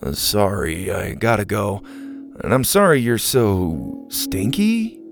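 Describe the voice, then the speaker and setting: A man's voice: lowish voice, big pitch swings, slow pace, creaky, faint music behind, exaggerated voice. A man voicing a tall, cool alien schoolboy who talks hesitantly and awkwardly.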